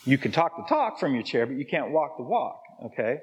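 A man's voice: mid-range voice, very animated, a little fast, slightly rough. A man preaching a sermon to his congregation, with a conversational manner and constant check-ins like "okay?" and "right?". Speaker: pastor. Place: church sanctuary. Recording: live church hall with long reverb.

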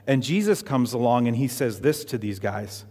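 Male pastor, emphatic preaching, call-and-response, mid-pitched voice, long hall reverb. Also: expressive, moderate pace, mellow. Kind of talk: sermon.

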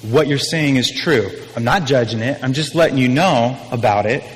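A man's voice: mid-range voice, normal speed, in a large hall, slight background noise, lightly acted, rough recording. A man voicing a patient, matter-of-fact male teacher who speaks plainly and wryly. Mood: gentle.

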